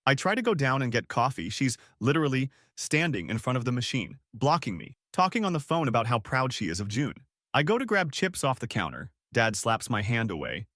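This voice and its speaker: A man's voice: medium pitch, fairly bright tone, no room sound, studio quality. A man in his twenties narrating his own story in a casual, slangy first-person style. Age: 20s. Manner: casual, slangy, spelled-out abbreviations.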